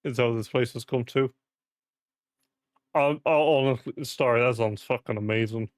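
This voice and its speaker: A man's voice: mid-range voice, moderate pace, no echo, studio quality. A young British man casually chatting and rambling on a live stream, swearing often, his voice cracking in the heat. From Britain. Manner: rambling, sweary, with frequent fillers.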